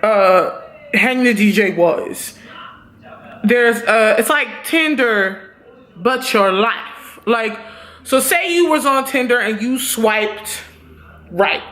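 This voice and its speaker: A young woman casually reviewing a TV series, talking in animated, profane bursts that swing between loud outbursts and quick asides. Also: fairly high pitch. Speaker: TV review vlogger.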